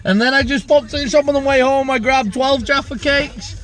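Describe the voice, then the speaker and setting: A young man talking in a relaxed, rambling way about his day as a lifting coach, with many "uh" fillers. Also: extremely high pitch, fairly quick, soft background music. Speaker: powerlifting coach and vlogger. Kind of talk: casual vlog chat and voice-over.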